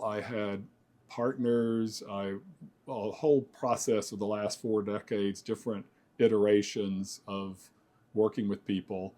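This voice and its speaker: Older male architect in his sixties, low mellow voice, reflective oral-history storyteller who rambles and corrects himself. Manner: rambling, reflective, many fillers and self-corrections.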